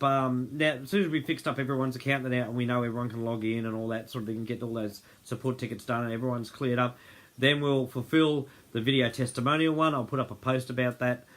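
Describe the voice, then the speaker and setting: Hosting a group livestream, this man speaks at medium pitch with a slightly bright tone. The talk is unscripted and casual, and he rambles, often losing his train of thought.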